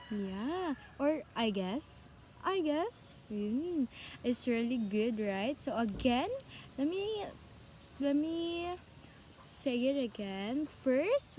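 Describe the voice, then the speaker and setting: Woman presenter, high voice, unhurried, walks through examples and answers her own questions. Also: darkish tone, a little hiss or hum. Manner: repeats examples, asks questions and answers them herself. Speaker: presenter explaining speech skills. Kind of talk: informal classroom explanation.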